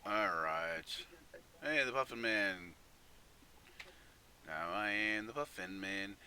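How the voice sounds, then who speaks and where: A man's voice: fairly low pitch, slow, pushed and bright, slight background noise. A middle-aged man running a tabletop game, chatting casually, often laughing and restarting his sentences. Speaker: game master.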